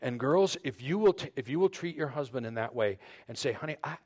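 A man's voice: mid-range voice, expressive, fairly quick, a little mellow. A man preaching a conversational sermon, often repeating words and restarting sentences as he addresses the men and the women in turn. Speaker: pastor.

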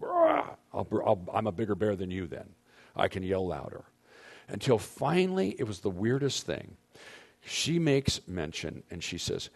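A man's voice: lowish voice, huge pitch swings, a little slow, creaky. A man leading a marriage seminar for couples, speaking emphatically and addressing the audience directly on a handheld microphone. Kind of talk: teaching talk to couples.

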